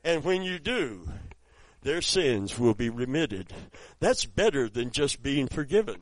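A man preaching a sermon, telling a story softly and then rising into loud, high exclamations. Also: very animated, measured pace, dry recording, rough recording.

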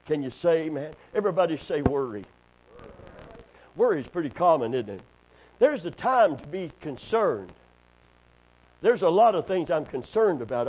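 A middle-aged man, preaching a sermon with call-and-response to the congregation and building to loud, fervent delivery. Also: medium pitch, poor audio. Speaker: pastor.

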